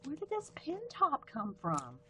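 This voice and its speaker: A chatty woman with a soft Southern US accent hosts a casual art live stream, talking her way through pens and markers. Her voice sits a little high, and she rambles and wanders off on little tangents as she goes. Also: wildly swooping pitch, unhurried. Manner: chatty, rambling, easily sidetracked. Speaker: livestream art host.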